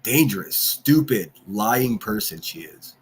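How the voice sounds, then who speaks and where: A man's voice: lowish voice, animated, a little slow, husky. A man hosting a livestream, ranting and mocking in casual commentary and answering his chat. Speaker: livestream host.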